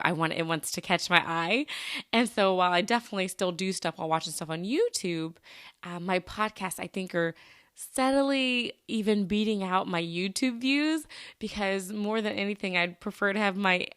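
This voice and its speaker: A bubbly young woman hosts her solo podcast, chatting casually and laughing often as she talks. Her voice sits at an ordinary pitch for a woman. It is recorded close and dry, with no room sound around it. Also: a bit bright, no echo. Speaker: podcast host.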